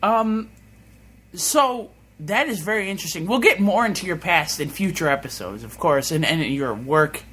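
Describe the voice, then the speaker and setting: A man's voice: sits high, lively intonation, moderate pace, sharp tone, breathy edge. A young man co-hosting a casual podcast, laughing often and swearing casually. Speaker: podcast co-host. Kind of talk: casual chat.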